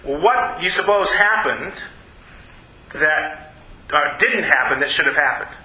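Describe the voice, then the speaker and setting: A man teaching a Bible class, speaking haltingly with many repeated words and asking the group questions. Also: on the high side, expressive, sharp tone, roomy sound, rough recording.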